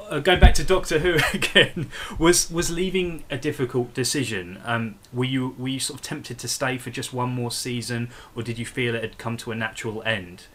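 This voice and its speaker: A man's voice: medium pitch, fairly even intonation, moderate pace, few pauses, a bit bright, slight background noise. A man interviewing a guest, giggly and enthusiastic, stumbling over his questions. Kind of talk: casual interview.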